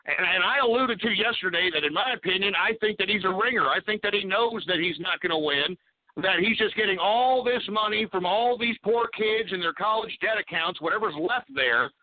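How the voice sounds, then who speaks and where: A man hosting a radio talk show, ranting angrily and exasperatedly with lots of swearing. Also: high-pitched. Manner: swears a lot. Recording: tinny phone-like radio audio.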